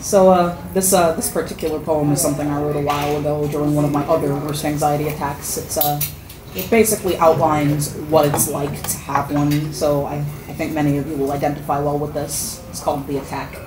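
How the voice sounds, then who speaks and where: A woman at an open mic, reciting her own spoken-word poem with a steady rhyming rhythm. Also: sits low, brisk. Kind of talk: spoken-word poetry reading. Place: open mic venue indoors. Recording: echoey room from far off, noisy.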